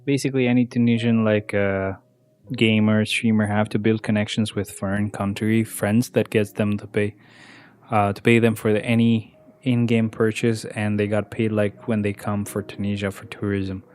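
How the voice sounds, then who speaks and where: A man's voice: fairly low pitch, little pitch movement, normal speed, darkish tone. A young man from Albania, chatting casually and profanely with viewers while he plays. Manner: rambling, profane, answers chat between moves. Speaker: streamer. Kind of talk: casual gameplay chat with viewers.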